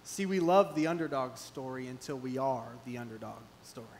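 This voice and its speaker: A man preaching a sermon as pastor in a church, animated and acting out the voices he quotes with rising emphasis. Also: medium pitch, brisk, a little hiss or hum. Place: church sanctuary.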